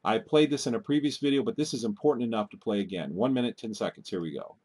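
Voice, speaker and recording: A man's voice: mid-range voice, fast, darkish tone, husky. A man hosting his own video commentary, talking urgently and warning his viewers, often breaking off and restarting words. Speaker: video host. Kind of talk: casual commentary.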